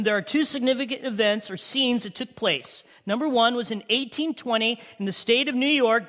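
High-pitched man preaching in a reverberant hall. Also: fairly bright tone. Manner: emphatic, conversational preaching with questions to the congregation. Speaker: pastor. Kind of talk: sermon.

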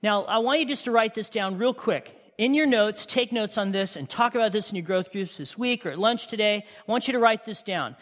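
A man preaching a sermon in a high, light voice that carries through a church hall, with a long reverberant tail on every phrase. He talks emphatically and conversationally, and keeps checking in with the congregation. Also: a little fast, few pauses, fairly bright tone. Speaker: pastor.

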